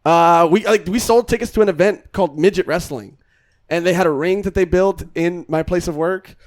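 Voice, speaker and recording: A man's voice: high voice, fairly quick. A man co-hosting a comedy podcast, joking around and telling stories with animation. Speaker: podcast co-host. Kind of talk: casual comedic podcast banter.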